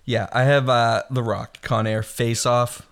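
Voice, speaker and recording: A man in casual chat about movies, animated and quick to laugh, slipping into quotes of film lines. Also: mid-range voice.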